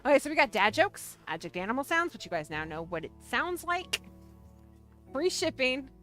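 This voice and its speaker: A high-pitched woman with a bright, ringing tone hosts a relaxed livestream. She is bubbly and playful, teasing and cheering her viewers, and faint music plays behind her. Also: moderate pace. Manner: bubbly, playful, talks to chat. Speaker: livestream host. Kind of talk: casual livestream chat.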